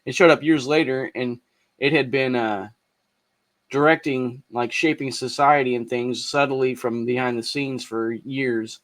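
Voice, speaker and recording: A man's voice: mid-range voice, steady tone, a little slow, a bit bright, no room sound. Rambling joking man, dry sound. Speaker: podcast co-host. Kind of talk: casual chat.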